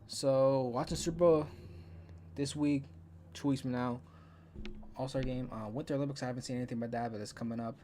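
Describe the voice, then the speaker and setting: A man's voice: mid-range voice, fairly even intonation, brisk, long pauses, mellow. A young man rambles through his solo podcast, cursing freely and counting things aloud as he goes. His voice sits in an everyday middle range, with a light hum of background noise behind him. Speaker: podcast host. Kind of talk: casual solo podcast chat.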